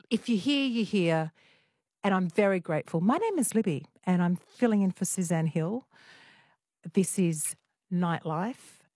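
A woman's voice: on the low side, a little mellow, no echo, clean studio sound. A woman hosting a late-night radio call-in show, friendly and conversational. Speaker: radio host. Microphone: studio microphone.

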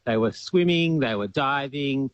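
An Australian man calls in over a dull, lo-fi line, talking in a relaxed, colloquial way. His pitch sits in the middle. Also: a little slow, dry recording. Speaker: caller.

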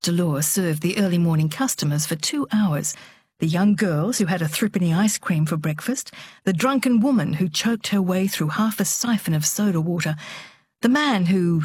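Husky-voiced woman reading a novel. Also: medium pitch, no echo. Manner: steady, measured storytelling. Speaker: narrator. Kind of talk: audiobook narration.

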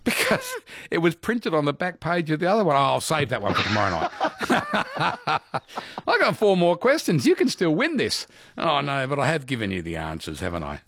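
A man hosting a live radio quiz, chatty and animated, laughing often. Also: a little high, fast, hardly any pauses. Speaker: radio host.

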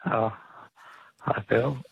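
Gravelly caller on a phone line. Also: male voice, medium pitch, fairly even intonation, drawn-out words. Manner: jokey, offers wry trivia. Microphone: telephone.

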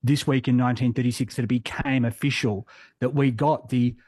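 A man's voice: mid-range voice, fairly even intonation, fairly quick, a little mellow, no echo. Male history guest, wry and playful, dry studio sound. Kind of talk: radio interview.

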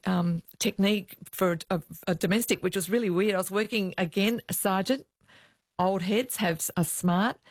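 In this interview, a former police officer from Australia, a middle-aged woman with a medium-pitched voice, shares lively stories and performs the quoted voices of their characters. There's no room sound.

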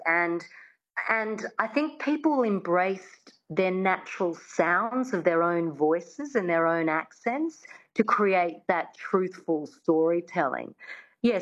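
A woman who works as an accent coach, explaining things in a measured way as a guest on a radio interview. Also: fairly low pitch, dull audio.

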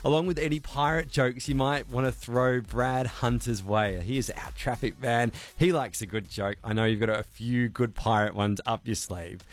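A man's voice: medium pitch, steady tone, normal speed, few pauses. A man hosting an afternoon radio drive show, playful and chatty. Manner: playful, chatty, self-correcting. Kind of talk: upbeat radio presenting.

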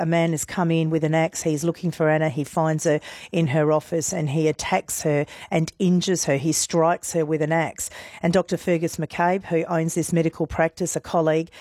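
Radio host lady with a really low voice, calm and reassuring, dry studio mic. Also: dry recording. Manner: gentle, reassuring, recaps events for listeners. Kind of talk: radio interview.

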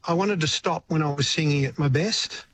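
An older man with an Australian accent speaks as a guest on a radio show. His voice sits a bit higher than usual, and he talks in a loose, relaxed way, laughing softly and circling back on his words. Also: a little fast, slight background noise. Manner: relaxed, chuckling, hesitant restarts. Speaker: interview guest, singer. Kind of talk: casual radio interview chat.

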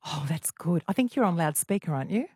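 A woman hosting a talk radio show, chatting briskly with a guest and taking callers. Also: lowish voice, lively intonation, a little mellow, husky. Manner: brisk, chatty, jumping between topics. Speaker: radio host.

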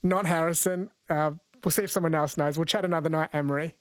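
A man's voice: fairly high pitch, fairly even intonation, quick pace, no echo. A man hosting a late-night radio quiz in a friendly, chatty way, laughing easily.

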